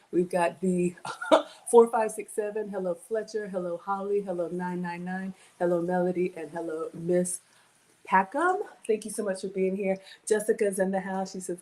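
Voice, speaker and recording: A woman's voice: medium pitch, a little mellow. A woman in her forties hosting a casual home cooking livestream from her kitchen, chatty and greeting viewers by name.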